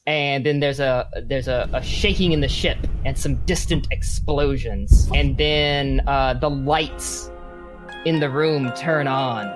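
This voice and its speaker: A man narrating a tabletop game as game master, pausing often with ums as he describes scenes. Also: medium pitch, music in the background, rough recording. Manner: hesitant, filler-heavy narration with lively swings.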